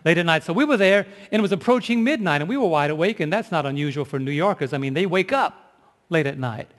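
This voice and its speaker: A man with a high, carrying voice delivers a sermon, telling a story with emphasis and turning to the audience with questions. His voice rings through a large hall with a long, lingering reverb. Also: expressive, quick pace. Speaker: preacher.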